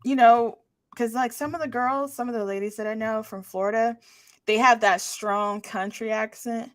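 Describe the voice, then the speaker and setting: A woman's voice: on the high side, moderate pace, no echo. A woman co-hosting a podcast in casual chat, with a mixed Southern and Midwestern American accent, acting out quotes and laughing as she talks. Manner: animated, acts out quotes with laughs. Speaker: podcast co-host.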